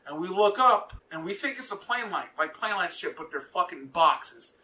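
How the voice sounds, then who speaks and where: A man co-hosting a casual podcast, telling a story in a rambling, profane way with halting restarts. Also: sits high, lively intonation, bright, forceful tone. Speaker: podcast co-host.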